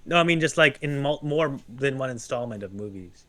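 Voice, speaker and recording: A man on a podcast panel, talking casually with halting restarts and lots of filler words. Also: medium pitch, animated, crowd noise. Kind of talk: casual chat.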